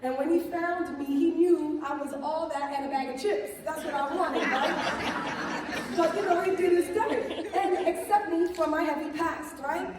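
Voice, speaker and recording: A high-voiced woman shares her testimony in a lively talk to a live audience, speaking at a moderate pace in an echoey hall. She tells her story with animation, laughing, acting out quotes and asking "right?", while the distant mic picks up heavy background noise.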